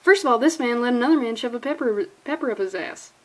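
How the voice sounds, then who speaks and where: Woman, fairly high voice, sarcastic, incredulous, comic commentary, laughing through her words. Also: fast talker, rough recording. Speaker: comic reviewer. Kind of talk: comedic comic-book reading.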